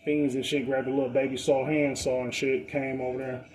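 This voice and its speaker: Telling a street story casually on a podcast, a Detroit man talks fairly quickly in a low-quality recording. His delivery is animated and laced with profane street slang, and he imitates other people's voices at a higher pitch.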